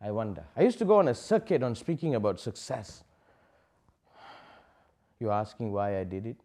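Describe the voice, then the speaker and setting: A spiritual teacher with a fairly low-pitched voice gives a public talk, posing rhetorical questions and swinging between loud declarations and hushed asides.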